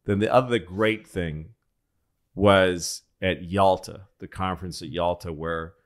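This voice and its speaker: A man's voice: low-pitched, steady tone, a little slow. A man hosting a comedy podcast who tells history stories in a rambling, profane, casual way. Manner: rambling, profane, restarts often. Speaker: podcast host.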